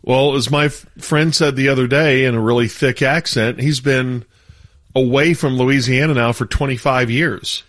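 Man, sports radio co-host, casual rambling chat, mid pitch, dry close mic. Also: fairly even intonation, normal speed, fairly bright tone, dry recording.

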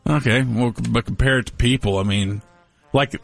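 A man's voice: mid-range voice, moderate pace, vocal fry. A man co-hosting a casual talk show, rambling through odd news stories with a wry, joking manner. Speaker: co-host.

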